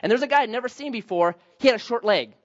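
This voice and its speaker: A man's voice: very high-pitched, expressive, quick pace, lo-fi sound. A man preaching a sermon as pastor, telling stories with self-mocking jokes. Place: church sanctuary.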